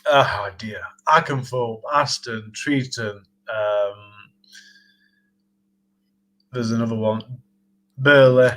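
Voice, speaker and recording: A man's voice: mid-range voice, slow pace, long pauses, fairly bright tone, low-quality recording. A man with a Sheffield Yorkshire accent, hosting a casual livestream chat in a rambling, laughing way. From Sheffield, England. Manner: rambling, chatty, laughs often. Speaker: livestream host.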